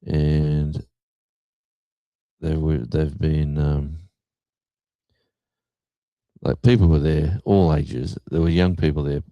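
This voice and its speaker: A man's voice: a bass voice, flat delivery, takes it slowly, long pauses, mellow, no room sound. A middle-aged man hosting a livestream, chatting casually and rambling with lots of fillers. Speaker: livestream host.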